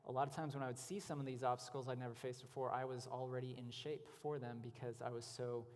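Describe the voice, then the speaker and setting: A man's voice: mid-range voice, fairly even intonation, fast, darkish tone. A man giving a conversational testimony at a church event, telling stories with many casual fillers. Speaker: guest speaker. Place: church hall. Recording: long hall reverb.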